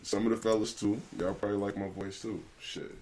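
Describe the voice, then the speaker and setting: A man's voice: lowish voice, fairly even intonation, fairly quick, a little mellow, slight background noise. A man hosting a podcast, casually retelling a comedy show in a loose, profane, laughing way. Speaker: podcast host. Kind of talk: casual storytelling chat.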